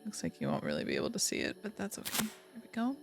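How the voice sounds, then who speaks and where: A woman's voice: mid-range voice, huge pitch swings, racing, creaky, soft background music. A young woman streaming a game, chatting casually, cooing and doting with giggles and sudden gasps. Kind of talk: casual live-stream commentary.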